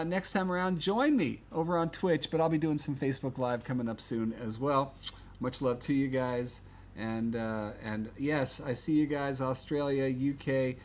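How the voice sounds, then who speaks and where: Chatty man hosting a live stream, rambling and casual, mid-pitched voice. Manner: chatty, rambling, many fillers. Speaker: livestream host.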